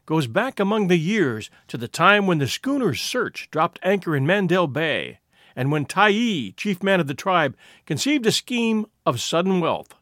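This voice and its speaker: A man reading a classic short story aloud as narrator, measured and expressive. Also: sits high, no room sound, clean studio sound.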